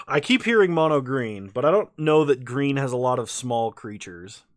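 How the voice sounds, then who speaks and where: A man's voice: mid-range voice, unhurried, no echo, clean studio sound. A man streaming a card game with casual commentary, laughing often and a little tipsy after a few beers. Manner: laughs often, relaxed and chatty.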